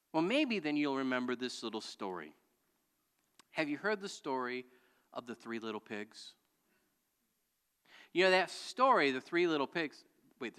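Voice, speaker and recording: A man's voice: a little high, pushed and bright, clean tone, long reverb tail. A man preaching a sermon as pastor, telling a story and calling out to the congregation for answers. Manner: storytelling with audience call-and-response. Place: church sanctuary.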